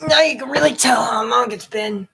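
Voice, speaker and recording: A man's voice: very high-pitched, moderate pace, gravelly, bright, forceful tone, a little hiss or hum. A young man talking to himself as he clicks around his computer for a vlog. He mumbles, rambles and grumbles about what he finds. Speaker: vlogger. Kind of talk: rambling screen-recording commentary.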